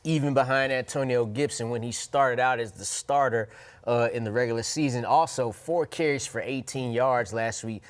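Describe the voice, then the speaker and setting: A man co-hosting a sports show, speaking in a relaxed, loose conversational way. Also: mid-range voice, normal speed. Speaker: co-host. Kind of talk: casual sports podcast chat.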